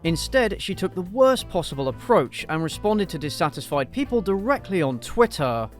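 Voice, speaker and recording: A man's voice: sits high, very animated, moderate pace, soft background music. A man hosting a scripted commentary review, blunt, sarcastic and openly profane. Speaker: video essay host.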